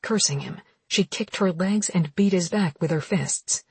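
A woman narrating a romance novel as an audiobook in steady, intimate storytelling. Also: on the low side, unhurried, breathy edge, no echo.

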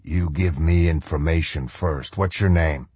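A man voicing a cold, menacing masked male colonel who speaks low and quietly coaxing. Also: a little slow, breathy edge, no echo, heavily acted.

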